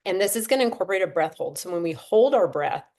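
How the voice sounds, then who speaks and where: A woman's voice: fairly low pitch, expressive, fast, a little mellow. A woman leading a breathing class over a video call, chatty and encouraging as she counts the class through each step. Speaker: breathwork instructor.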